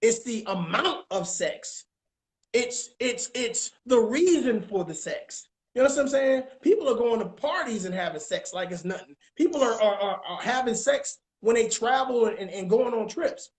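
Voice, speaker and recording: A man's voice: extremely high pitch, expressive, normal speed, few pauses, darkish tone. A man coaching on relationships in casual chat, emphatic and repetitive, often checking that listeners follow. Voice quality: emphatic, repeats phrases, keeps asking if you understand. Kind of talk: casual advice talk.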